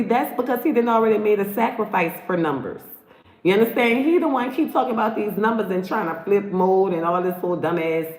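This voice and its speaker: A woman giving taunting, sassy commentary on a video, repeating herself to mock the person on screen. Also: medium pitch. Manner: sassy, taunting, repetitive "look, look". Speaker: host. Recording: roomy echo.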